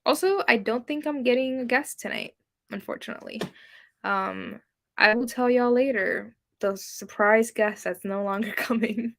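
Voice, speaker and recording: A woman's voice: fairly high pitch, sing-song, normal speed, vocal fry. A young woman whose first language is Spanish, chatting casually on a livestream, giggly and self-deprecating with lots of ums and likes. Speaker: booktube livestream host. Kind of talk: casual live-stream chat reading comments.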